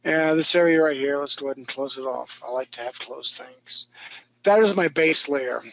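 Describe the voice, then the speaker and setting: A man's voice: mid-range voice, normal speed, gravelly, fairly bright tone, rough recording. A man teaching a live online drawing class, chatty and self-mocking as he talks through each stroke. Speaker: drawing instructor.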